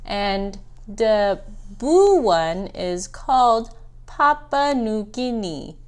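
A lady doing a goofy little baby puppet, high and squeaky, slow and drawn out, stubborn. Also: animated, clean tone, heavily acted. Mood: cheerful. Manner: silly voice that mispronounces words. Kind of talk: puppet show for children.

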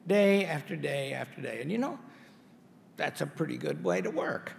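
Gravelly man giving a wry hall speech. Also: a little high, very animated, normal speed, slight background noise. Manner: wry, folksy storytelling with asides. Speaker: college president. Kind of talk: anniversary speech to an audience. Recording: hall reverb with faint ambience.

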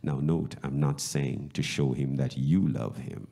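A man preaching a sermon as a bishop, asking rhetorical questions and swinging from hushed whispers to loud, high exclamations. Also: steady tone, creaky, breathy edge. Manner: slow, deliberate delivery with rhetorical questions.

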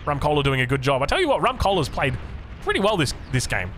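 A man with an Australian accent casts a strategy game match, giving chatty, rambling commentary full of asides and frequent restarts. He talks fast in a slightly high, sing-song, fairly bright voice, with slight background noise.

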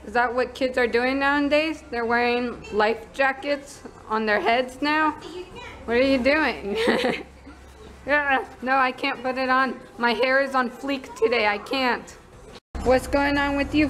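A woman's voice: high-pitched, background noise. A young woman chatting casually in a vlog at her market stall, giggling often. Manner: chatty and giggly, slow-paced. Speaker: vlogger.

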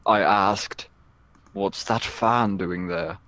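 A man voicing a goofy male pig animatronic who delivers deadpan one-liners with menace. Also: on the low side, very slow, dry recording, heavily acted.

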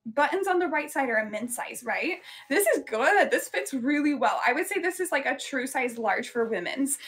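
Giggly high-voiced young woman reseller. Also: lively intonation, moderate pace, fairly bright tone. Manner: chatty, giggly, lots of ums and likes. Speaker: live-stream reseller. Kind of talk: casual live-selling chat.

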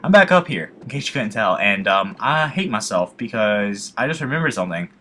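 Bright-voiced young man swearing through gameplay. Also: lowish voice, sing-song, a little fast, a little hiss or hum. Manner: emotional, swearing, self-mocking rambling. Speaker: let's play gamer. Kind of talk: casual gameplay commentary.

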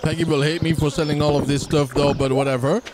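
Over game music and background noise, a man does let's play commentary, talking fast in a fairly high voice with little pitch movement. He chats casually, addresses the game characters directly, and hums and sings as he plays.

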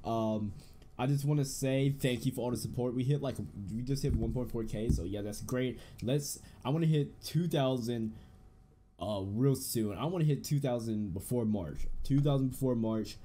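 A young man giving casual, excitable commentary over a horror game, with loud outbursts and a relaxed chat to his viewers. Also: mid-range voice, normal speed, a little hiss or hum. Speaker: gaming YouTuber.

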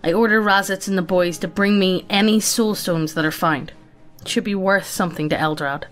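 A woman reads a sci-fi story aloud in a plain, casual, matter-of-fact voice at a middle pitch. Her delivery is unhurried and conversational, with quick laughs slipping in, and faint music plays underneath. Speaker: story narrator.

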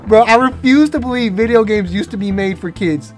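Young male gamer in his twenties, crude and joking, excitable outbursts, game music under. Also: sits high, fairly quick. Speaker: gaming YouTuber. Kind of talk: let's-play commentary.

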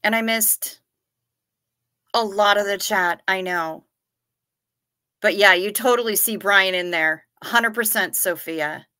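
Woman livestream host, Midwestern American accent, bright voice, unhurried, gushing casual chat. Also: mid-range voice. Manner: gushing, playful, laid-back. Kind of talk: casual chat reading viewer comments.

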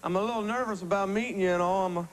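A shy, folksy country bumpkin played by a man courts with a cornball drawl, his voice pitched a little high. The sound comes from a hissy 1980s TV broadcast tape. He drops homespun sayings as he talks. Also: very fast, close to an everyday voice. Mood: bashful folksy.

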